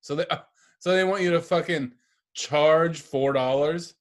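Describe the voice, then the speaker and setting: A man's voice: fairly high pitch, measured pace. A man co-hosting a podcast, talking casually and rambling with lots of restarts. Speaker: podcast co-host. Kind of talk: casual chat.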